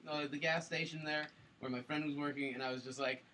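A man's voice: a little high, fairly even intonation, fairly quick, bright, forceful tone, a little hiss or hum, low-quality recording. A man casually telling a story on a podcast, rambling with lots of fillers and swearing. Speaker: podcast co-host.

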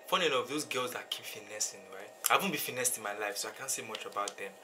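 A young man as a guest in a casual chat, earnest and halting, restarting his sentences. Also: on the low side. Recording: clear background noise.

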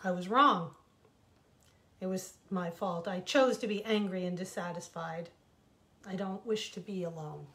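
A sulky, self-pitying desert, voiced by a woman reading her fable aloud. It complains slowly, drawing out each grievance, in a storybook telling. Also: fairly low pitch. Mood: remorseful. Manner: complaining, rising to loud wails.

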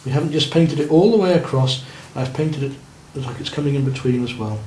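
A man's voice: medium pitch, fairly quick, dark tone. A man teaching a beginners' painting lesson, guiding and encouraging students in a classroom as he works. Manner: coaching and encouraging, checking on students' work. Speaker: art teacher. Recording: roomy room with faint noise.

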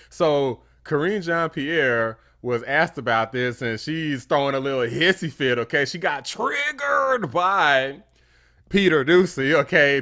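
A man hosting a political reaction video, talking casually and mockingly with frequent laughs. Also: medium pitch. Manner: animated, mocking, laughs often. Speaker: political commentary host.

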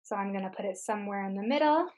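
A woman tech tutor giving a screen-share software lesson, explaining each step patiently. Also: mid-range voice, lively intonation, very fast, a little hiss or hum. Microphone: computer mic on a recorded webinar.

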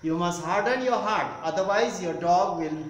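A man's voice: high voice, normal speed, natural voice. A man reading as a stern male vet. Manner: stern, firm. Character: stern male vet giving strict orders. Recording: echoey room with faint noise.

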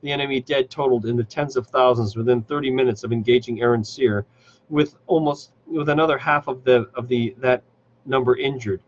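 Male live reader of fantasy fiction; husky, self-correcting, recorded muffled and lo-fi. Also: mid-range voice, steady tone, fairly quick. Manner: reading with frequent restarts and self-corrections. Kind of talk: live fantasy novel reading.

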